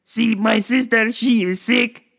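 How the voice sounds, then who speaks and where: A man's voice: very high voice, fairly even intonation, fairly bright tone, voice pushed up, exaggerated voice. Doctor Octopus, a woman doing a stiff man's voice. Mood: stilted. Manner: slow, stilted, overly formal. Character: odd formal male customer, loud and stiff.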